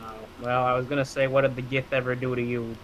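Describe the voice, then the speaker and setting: A man's voice: medium pitch, little pitch movement, fast, dull audio, a little hiss or hum. A man playing a tabletop role-playing game, speaking in a dry, matter-of-fact way. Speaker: player. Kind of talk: casual chat.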